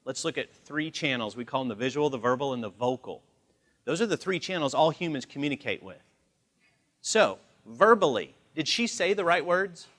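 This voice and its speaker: A man's voice: a little high, moderate pace. A man in his forties leading a live communication training seminar, acting out quoted voices as he talks. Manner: animated, acts out quoted voices. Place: large training room.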